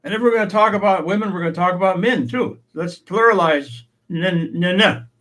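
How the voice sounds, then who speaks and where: A man's voice: sits high, brisk, fairly bright tone. A man teaching a language lesson, saying each word and then its meaning, with light humor. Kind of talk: slow explanatory language lesson.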